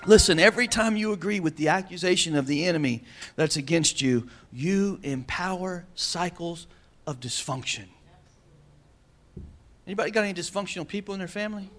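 A male pastor preaching a sermon in a folksy, animated way, joking with the congregation. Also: high voice, fairly quick, soft background music.

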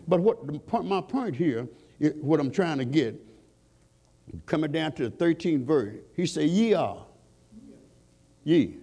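A man's voice: on the high side, animated, unhurried, long pauses, mellow. A man preaching a sermon in call-and-response style, asking the congregation questions and climbing to fervent peaks.

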